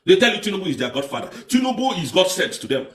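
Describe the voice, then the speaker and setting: A man's voice: sits high, sing-song, fast talker, fairly bright tone, reverberant. A man with a Nigerian accent giving an impassioned political livestream, fiery and repetitive, firing off rhetorical questions. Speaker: livestream commentator.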